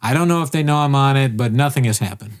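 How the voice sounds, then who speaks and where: A man's voice: mid-range voice, fast. A man telling a rambling story in casual podcast chat, swearing and acting out what people said. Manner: rambling, animated, swears, acts out quotes.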